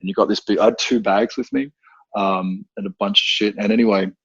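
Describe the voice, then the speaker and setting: A man's voice: on the low side, fairly even intonation, fairly quick, breathy edge, no room sound, highs cut off. An Australian man telling stories on a podcast, rambling with fillers and swearing freely. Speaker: guest, self-defense instructor. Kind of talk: casual podcast storytelling.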